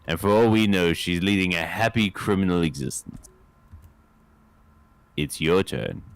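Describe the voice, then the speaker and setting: Speaking low, a little slowly, and with a clean tone, a man playing a video game voices the detective, reading the lines aloud and acting them out. He jokes around and laughs often between lines.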